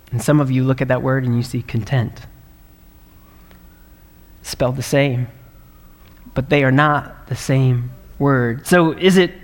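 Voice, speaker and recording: Earnest pastor in a large echoing sanctuary. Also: male voice, a little high. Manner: conversational, earnest, warm laughs and frequent "right?". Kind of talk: livestreamed sermon. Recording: long reverb of a large hall.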